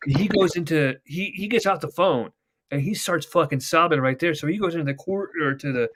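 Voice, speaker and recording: A young man with a somewhat high voice talks loosely and at length. He rambles through retold TV scenes, swearing freely in casual podcast chat. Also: a little fast, fairly bright tone. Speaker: podcast host.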